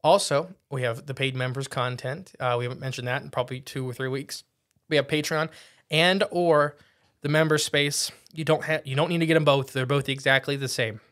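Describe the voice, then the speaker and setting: A man's voice: mid-range voice, fairly even intonation, brisk, a bit bright. A man co-hosting a paranormal podcast, chatting casually in a loose, rambling way with restarts. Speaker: podcast co-host.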